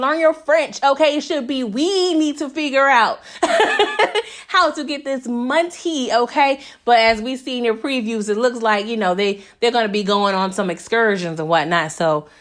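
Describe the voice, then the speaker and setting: Woman vlogger, casual TV recap, animated and laughing, slightly high voice. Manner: animated, laughs often, keeps asking "okay?".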